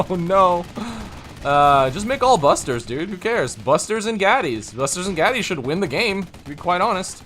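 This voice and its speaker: Animated rambling man commentating a game. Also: fairly high pitch, a little hiss or hum. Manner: rambling, self-interrupting, chuckles often. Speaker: streamer casting a strategy game.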